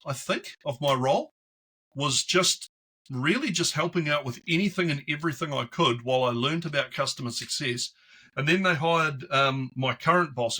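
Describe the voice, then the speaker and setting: A man guesting on a podcast, telling stories casually and acting out the voices of people in his anecdotes. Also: medium pitch. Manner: chatty, animated, acts out voices in anecdotes. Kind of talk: casual storytelling interview.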